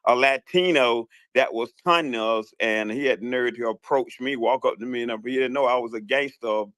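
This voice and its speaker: A man's voice: medium pitch, brisk, a bit bright, no echo. A man with a Southern US accent calling into an online audio room, talking bluntly and emphatically with plenty of profanity. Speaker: caller. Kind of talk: casual call-in chat.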